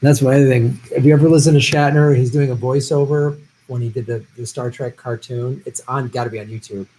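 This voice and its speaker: A man's voice: mid-range voice, fairly even intonation, fairly quick, mellow, slight background noise, low-quality recording. A man hosting a political commentary livestream, chatting casually and profanely while he reads viewer comments from a home setup. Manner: loose, profane, conversational. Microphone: earpiece with improvised audio setup.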